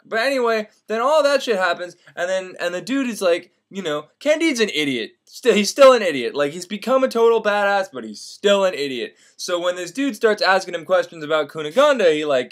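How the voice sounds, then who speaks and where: A man casually retelling a classic novel as comedy, rambling and profane, jumping into silly voices for the characters. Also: a little high.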